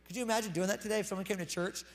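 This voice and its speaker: A man preaching a sermon as pastor, animated, swinging between loud emphatic lines and quick hushed asides. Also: sits high, big-room sound.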